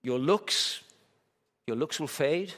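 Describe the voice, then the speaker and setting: A man's voice: on the high side, lively intonation, slow pace, a bit bright. A man preaching a sermon at a church camp, telling a story vividly and pressing his points with emphatic rhetorical questions. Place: large hall at a church camp. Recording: long hall reverb.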